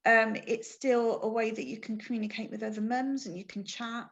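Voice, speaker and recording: A woman panelist on an online chat, speaking gently with hesitant fillers. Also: a little high, steady tone, moderate pace. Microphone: video call. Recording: muffled lo-fi call audio.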